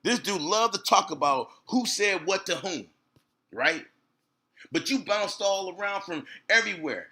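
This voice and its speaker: A man's voice: high voice, expressive, unhurried, bright, forceful tone. A man, ranting on a livestream in a profane, confrontational way, repeating himself often. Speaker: streamer. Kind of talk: heated livestream rant.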